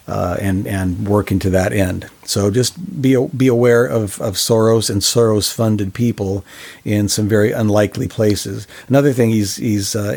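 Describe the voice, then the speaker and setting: A man's voice: fairly low pitch, a little mellow. A man co-hosting a podcast in casual discussion, speaking earnestly with many fillers and restarts. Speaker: podcast co-host.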